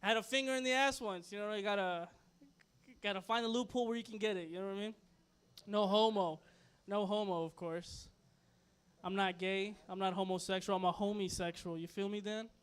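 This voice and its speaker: A man's voice: high-pitched, fairly quick, a bit bright, clear, resonant tone. A male stand-up comedian doing a laid-back set, tagging lines with "you know what I mean". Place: small comedy club, live audience.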